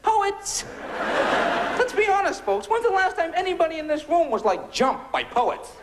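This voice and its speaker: A man's voice: very high voice, sing-song, a little fast, creaky, very noisy. A man doing a biting, sarcastic stand-up routine, firing off punchy rhetorical questions before a laughing audience. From United States. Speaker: stand-up comedian. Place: comedy club stage before a laughing audience.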